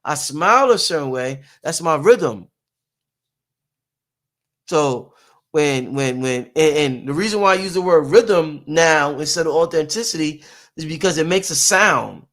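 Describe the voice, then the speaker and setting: Animated man with a rhythmic casual delivery. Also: measured pace. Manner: animated, sings and shouts snippets, trails off into low musing. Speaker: show host and producer. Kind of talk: casual monologue to viewers.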